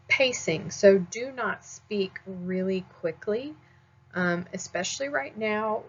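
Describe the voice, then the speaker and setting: Woman, nursing instructor, lowish voice, relaxed lecture with frequent check-ins, muffled lo-fi recording. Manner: conversational, frequent "um" and "all right?" check-ins.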